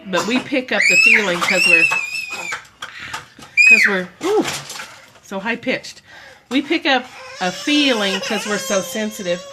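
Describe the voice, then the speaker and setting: A woman's voice: medium pitch, huge pitch swings, unhurried, pauses often. Woman, home live-stream host, mid-range voice, reflective and loose, noisy phone recording. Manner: musing, self-correcting, laughs easily. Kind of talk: casual reflective chat. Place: home room. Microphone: propped-up phone or camera.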